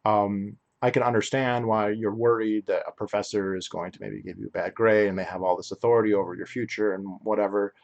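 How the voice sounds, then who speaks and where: A somewhat low-voiced young man holding forth on his own podcast. He talks in a loose, opinionated ramble, often backing up mid-sentence to correct himself. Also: fairly even intonation, brisk, creaky, few pauses, darkish tone, muffled recording. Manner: rambling, opinionated, frequent restarts and self-corrections. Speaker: podcast host. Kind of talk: solo podcast monologue.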